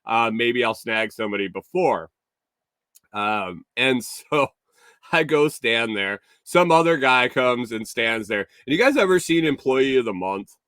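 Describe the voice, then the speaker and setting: Bright, crisp-voiced man rambling a story. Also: mid-range voice, animated, a little slow, no room sound, studio quality. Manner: rambling, chuckling, self-correcting. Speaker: morning show host. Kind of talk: casual storytelling to a live chat.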